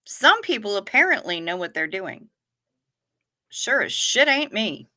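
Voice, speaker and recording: A woman's voice: medium pitch, very animated, a little slow, bright, forceful tone. A woman hosting a casual livestream chat, swearing freely and talking with her viewers. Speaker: livestream host.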